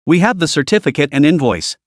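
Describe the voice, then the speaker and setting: A man reading the lines of a calm, confident rich young man in a composed, assured way. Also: fairly high pitch, fast talker, dry recording, clean studio sound.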